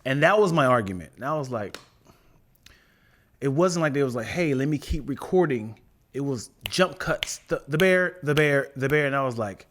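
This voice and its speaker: A man co-hosting a casual podcast chat, excitable, stammering and acting out little quotes as he argues his point. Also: medium pitch, normal speed. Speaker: podcast co-host.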